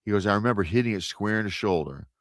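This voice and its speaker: A low-pitched man spins a creepy encounter tale in an easy, chatty way, jumping into the voices of the people in it and tripping over his own restarts. His voice sits close and dry on the mic, with no room sound around it. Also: quick pace, no echo. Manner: animated storyteller, acts out quoted voices, many restarts. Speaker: guest storyteller on a paranormal radio show. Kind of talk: casual retelling of an encounter story.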